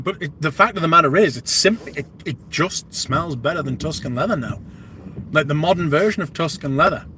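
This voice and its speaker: A British livestream host chats casually and rambles, swearing plenty. His voice is a little high with a sharp tone, and there's slight background noise.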